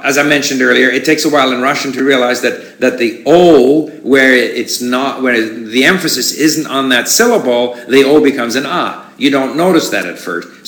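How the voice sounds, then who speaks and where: A man answering audience questions in a relaxed, rambling way, with frequent restarts and fillers. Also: medium pitch, reverberant. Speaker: conference speaker answering questions. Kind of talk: casual spoken talk with audience questions.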